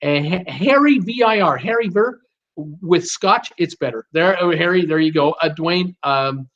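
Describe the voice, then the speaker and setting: A man's voice: fairly high pitch, measured pace, fairly bright tone. A middle-aged man hosting a live stream, casually reading out viewer comments and answering them with many fillers and restarts. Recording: dull lo-fi stream audio.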